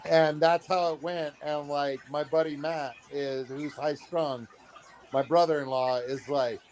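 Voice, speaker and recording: A man's voice: on the high side, measured pace, slight background noise. A man in his thirties telling a story in a casual vlog, acting out the people in it, with many fillers. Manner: animated, acts out quotes, many fillers. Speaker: aquarium hobby vlogger.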